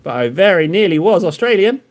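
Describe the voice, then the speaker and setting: A man's voice: sits high, sing-song, brisk. A man with a slightly raised voice chats to his live audience while he paints miniatures. He rambles from one thought to the next, teasing viewers and poking fun at himself in loose, playful banter. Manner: rambling, joking banter with chat; self-deprecating. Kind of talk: casual live-stream chat while painting.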